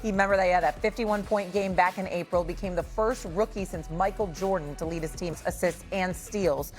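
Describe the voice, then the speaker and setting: A woman moderating a sports show, reading out the news in a crisp newsreader manner before handing off with a question. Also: medium pitch.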